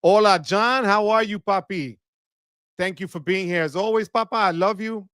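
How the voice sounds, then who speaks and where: A chatty man hosts a live stream from his studio, his voice sitting high for a man and a bit off from allergies. He greets viewers by name and drops Spanish words as he goes. The sound is close and dry, with no room around it. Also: normal speed, a bit bright, clean tone, no echo. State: voice affected by allergies. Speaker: host of a live credit card show. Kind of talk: casual livestream chat. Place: home studio. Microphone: close studio mic.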